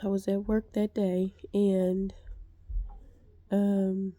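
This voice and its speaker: A woman's voice: mid-range voice, little pitch movement, drawn-out words, warm tone, dry recording. A woman telling a vlog story while congested, chatty with many fillers and laughing at herself. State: congested and sniffly. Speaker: vlogger.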